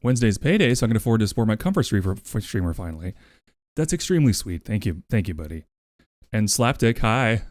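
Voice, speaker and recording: A man with a fairly low voice, chatting loosely with his viewers on a live stream. He rambles, swears casually and gushes his thanks. The sound is dry and close, with no room around it. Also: big pitch swings, fast, a little mellow, no room sound. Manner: rambling, profane and effusively thankful.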